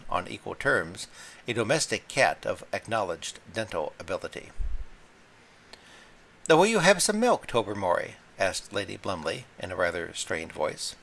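A man reads a classic short story aloud in a measured, wry manner. His voice is gravelly with plenty of fry and sits a little low. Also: bright, forceful tone, a little hiss or hum. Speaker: audiobook reader. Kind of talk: scripted story narration.

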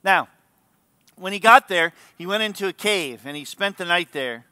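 A man's voice: high-pitched, animated, normal speed, bright, forceful tone, smooth, dry recording. A male pastor giving an earnest, emphatic sermon.

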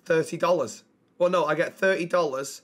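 A man with a high voice, streaming a role-play game. He talks brashly and swears a lot. He throws out insults without missing a beat. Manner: brash, profane, quick to insult.

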